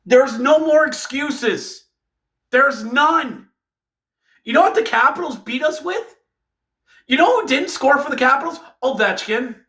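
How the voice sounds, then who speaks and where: Sarcastic male fan, high lively voice, rants and shouts about his team. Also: unhurried, pauses often. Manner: exasperated, sarcastic, shouts in bursts. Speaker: hockey fan vlogger. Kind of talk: ranting fan recap.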